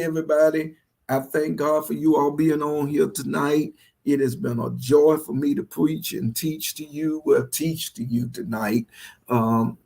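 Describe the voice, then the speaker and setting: A male pastor with a Southern US accent preaches to an online audience. His voice is dark and gravelly, with a husky edge. He repeats his phrases and builds to fervent peaks. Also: mid-range voice. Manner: preachy, repetitive, rising to fervent energy. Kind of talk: livestreamed sermon.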